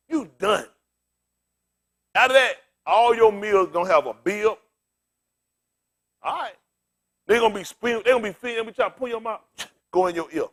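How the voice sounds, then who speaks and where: Male pastor, AAVE, very high voice, lively swooping delivery, loud street-preaching style. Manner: loud, animated street preaching, laughing asides. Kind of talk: loose preaching to a congregation.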